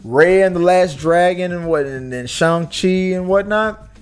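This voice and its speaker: Animated rambling podcast guy. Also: sits high, measured pace, a little hiss or hum. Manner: animated, rambling, many restarts and fillers. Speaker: podcast co-host. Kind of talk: casual movie podcast talk.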